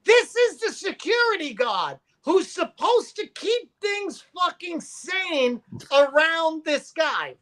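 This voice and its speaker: Guy, guest storyteller; punchy, bright tone, loud when he quotes people. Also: extremely high pitch, slow. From Brooklyn, New York. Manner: animated, profane, acts out quotes loudly. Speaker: podcast guest. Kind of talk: casual storytelling.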